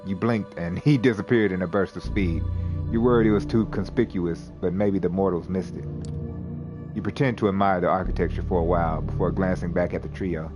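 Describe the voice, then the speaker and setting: A young man with a very low voice reads a vampire story game aloud, stopping to chat about his choices in a casual, unpolished way. Music plays clearly underneath him throughout. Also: steady tone, fairly quick. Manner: casual, with restarts and asides. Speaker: streamer playing a narrative game. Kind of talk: reading game text aloud with commentary.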